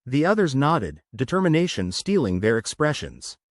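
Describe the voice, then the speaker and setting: A man narrating a science fiction story in a scripted, expressive reading. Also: mid-range voice, moderate pace, dry recording, clean studio sound.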